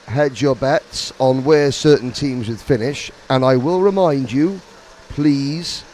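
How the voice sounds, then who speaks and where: A man's voice: mid-range voice, darkish tone, slight background noise, low-quality recording. A middle-aged man giving live, rambling, self-deprecating commentary on an endurance kart race.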